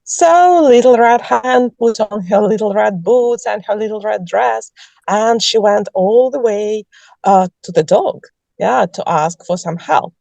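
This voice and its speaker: A woman improvising a children's folk tale, playful and halting, correcting her own slips as she goes. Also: medium pitch, vocal fry, mellow, no room sound, low-quality recording. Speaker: storyteller. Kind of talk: improvised storytelling.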